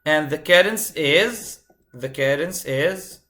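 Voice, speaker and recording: A man's voice: on the high side, animated, takes it slowly, sharp tone. A man instructor giving a live coding lecture, repeating key phrases and asking the class questions. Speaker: computer science instructor.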